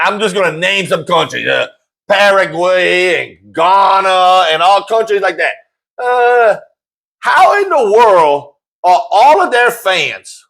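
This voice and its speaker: This is a man hosting a casual sports show, full of animated banter and jokes. He says things again and again, and excitement makes his voice rise sharply.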